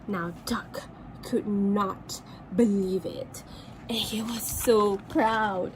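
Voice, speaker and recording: A woman's voice: medium pitch, steady tone, drawn-out words, slight background noise, poor audio. A woman from Malaysia, a teacher, reading a picture book aloud to children with chatty asides about the pictures. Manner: chatty asides to young listeners, pointing at pictures.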